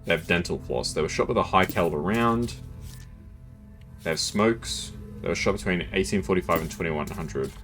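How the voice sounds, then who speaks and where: A man's voice: deep voice, moderate pace, fairly bright tone, faint music behind. A man casually commenting as he streams a detective game, playful and self-deprecating, breaking into giggles.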